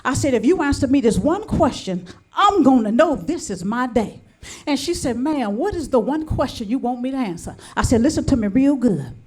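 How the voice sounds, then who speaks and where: A woman doing stand-up, telling a story with lively dialogue and acting out both sides of phone calls. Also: sits high, moderate pace, breathy edge. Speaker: stand-up comedian. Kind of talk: stand-up comedy routine.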